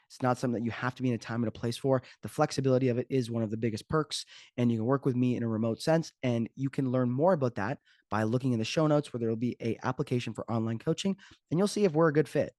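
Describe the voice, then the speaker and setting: A man's voice: mid-range voice, quick pace, darkish tone, no room sound, studio quality. Chatty joking man podcast host. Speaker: podcast host and fitness coach. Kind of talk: casual solo podcast talk.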